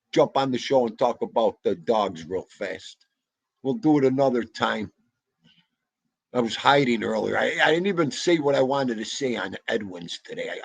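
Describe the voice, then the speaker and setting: A man hosting a casual livestream, loud and excitable, chatting straight to his viewers. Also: medium pitch, breathy edge, no room sound. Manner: loud, excitable, talks to chat. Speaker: livestream host.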